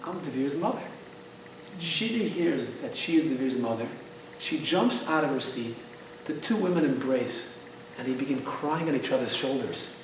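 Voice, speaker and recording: A man's voice: mid-range voice, moderate pace, slight background noise. A man giving an inspirational religious class, telling a story earnestly and mixing in Hebrew phrases. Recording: echoey hall, distant mic.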